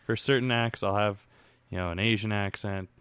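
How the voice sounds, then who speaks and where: A man's voice: lowish voice, fairly even intonation, normal speed, a bit bright, clear, resonant tone, no room sound. Joking man riffing on a movie, dry mic. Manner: joking, rambling, laughs often. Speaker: podcast co-host. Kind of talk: casual movie commentary.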